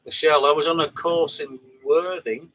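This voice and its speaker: A man's voice: fairly high pitch, steady tone, normal speed, fairly bright tone, rough recording. An older man hosting a live stream, chatting casually and rambling through viewers' comments with plenty of fillers and restarts.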